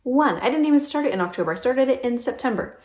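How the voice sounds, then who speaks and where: A woman's voice: on the high side, animated, very fast, a little mellow. Chatty young woman in an echoey room. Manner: chatty, rambling, self-mocking, lots of "um" and "like". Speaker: book vlogger. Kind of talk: casual chatty vlog. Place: bedroom.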